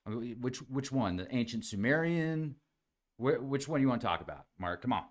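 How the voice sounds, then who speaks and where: This man's mid-range voice is animated and moves at a moderate pace. Hosting a podcast livestream, he keeps things casual, reads chat comments out loud, and addresses viewers by name.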